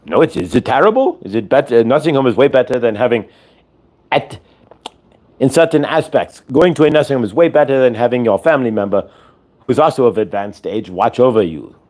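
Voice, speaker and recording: A man's voice: mid-range voice, expressive, a little fast, a little mellow. A man hosting a show, giving a channeled spiritual teaching that speaks as "we" and circles back to repeat its points. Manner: speaks as a collective "we", repetitive and instructive.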